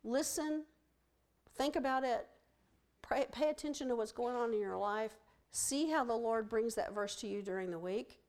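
A woman leading a Bible study for women, teaching in a lively, emphatic way and repeating phrases for stress, then closing in prayer. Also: on the high side.

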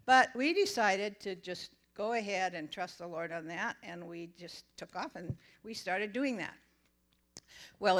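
An older woman sharing a personal faith testimony as a chatty, animated storyteller. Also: medium pitch. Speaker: church member giving testimony.

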